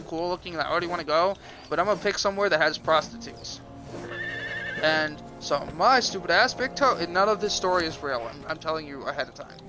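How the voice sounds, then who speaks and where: Man, streamer, high voice, crude self-mocking rambling, music in the background. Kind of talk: rambling comedic storytelling.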